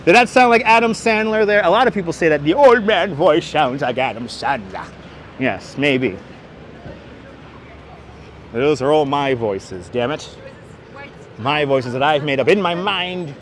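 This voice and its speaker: Strolling through busy city streets on a casual livestream, a male host and walking guide speaks in a voice on the high side with lively intonation. He's unhurried, pausing often as he names viewers and tells street history over a clip-on wireless mic, with faint traffic in the background.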